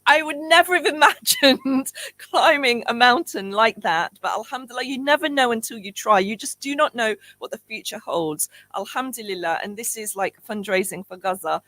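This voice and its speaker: A woman's voice: on the high side, normal speed, bright, forceful tone, no echo, low-quality recording. A woman hosting a community radio show, chatting casually with a guest and laughing easily.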